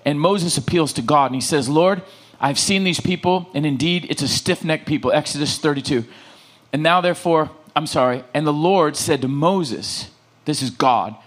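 A man preaching in church, his voice sitting a bit higher than most men's. He tells stories and acts out the dialogue, checking in with the congregation as he goes. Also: normal speed. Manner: animated storytelling, acting out dialogue. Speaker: pastor. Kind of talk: sermon.

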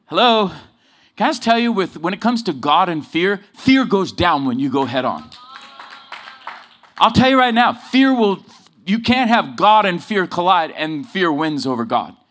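A man preaching a sermon full of personal stories, swinging between loud emphasis and low asides. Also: big pitch swings, moderate pace. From Southern California.

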